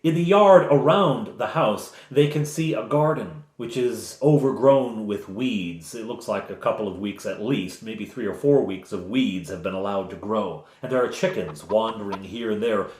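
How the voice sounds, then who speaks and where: A man runs a tabletop game as game master, describing scenes in a relaxed, rambling way with many fillers. His voice sits fairly low. The room adds a noticeable echo. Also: moderate pace.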